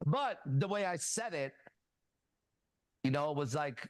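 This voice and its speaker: Guy hosting a talk show, kinda high voice, swears a lot, bossy coaching tone, dry close sound. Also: moderate pace, pauses often, no echo. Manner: blunt, profane, coaching a younger man; animated anecdotes with quoted dialogue. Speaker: host. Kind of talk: casual advice talk and storytelling.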